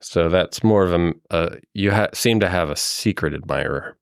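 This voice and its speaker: Solemn, courteous male woodland guide, voiced by a man, low clean voice, dry sound. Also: moderate pace, vocal fry, clean tone, dry recording. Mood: grave, courteous. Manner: formal, respectful.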